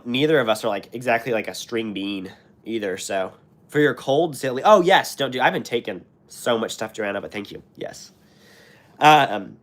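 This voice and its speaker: On his live stream, a young American channel host reads comments and chats on and on, with lots of fillers and false starts. His medium-pitched voice is a bit bright, though being sick has left his throat scratchy and sore.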